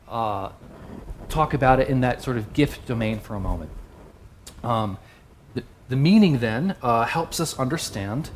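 A man preaching a sermon in a relaxed, conversational way, often turning to ask his listeners questions. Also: mid-range voice, slight background noise. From the West. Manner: conversational, asks the audience questions.

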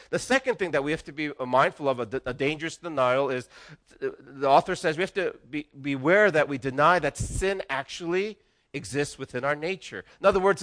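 A man's voice: fairly high pitch, a bit bright. Earnest middle-aged man preaching. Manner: earnest, conversational preaching with frequent restarts. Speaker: pastor. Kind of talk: sermon.

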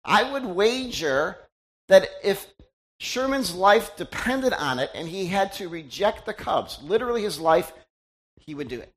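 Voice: mid-range voice, animated, a little slow, a bit bright. A middle-aged pastor giving a conversational sermon, chatty and teasing, often quizzing the congregation.

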